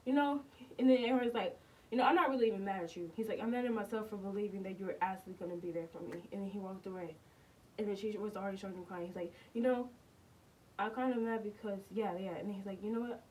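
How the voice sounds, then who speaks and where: A young woman, heard from a distance on a rough recording with some hiss or hum, reacts to and reviews a TV episode in a medium-pitched voice. She rambles casually, filling her talk with fillers and repeated words, much like a TV reaction vlogger.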